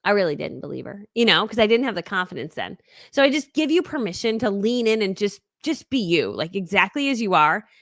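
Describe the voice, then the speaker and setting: A bubbly, high-energy woman teaching a live online class, racing through her points. Her mid-pitched voice sounds close and completely dry. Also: big pitch swings, fairly quick, a bit bright, dry recording. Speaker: online business coach.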